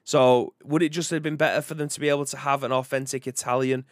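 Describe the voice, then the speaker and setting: Chatty British podcast host, dry sound. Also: male voice, mid-range voice, fairly even intonation, fast, dry recording. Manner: chatty and rambling, reads out chat comments. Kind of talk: casual live-stream chat.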